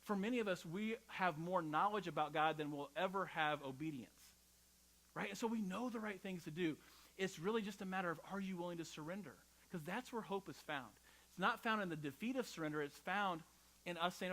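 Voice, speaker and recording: A man's voice: a little high, a little fast, fairly bright tone, rough recording. A middle-aged male pastor preaching a sermon in a conversational, personal storytelling style, often checking in with "right?".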